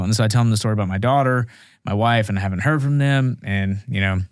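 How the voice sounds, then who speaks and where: A man's voice: on the low side, fast talker, no room sound, clean studio sound. A man in his thirties, a former Marine, telling a war story casually on a podcast, joking and acting out the people in it. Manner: animated, self-mocking, acts out dialogue. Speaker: podcast guest, Marine veteran.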